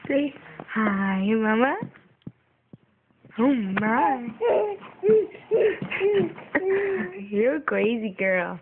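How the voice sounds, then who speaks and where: A woman's voice: on the high side, big pitch swings, drawn-out words, long pauses. A woman cooing baby talk at an infant in a coaxing, sing-song way, laughing often. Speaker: parent filming a baby. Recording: tinny lo-fi phone recording with faint hiss.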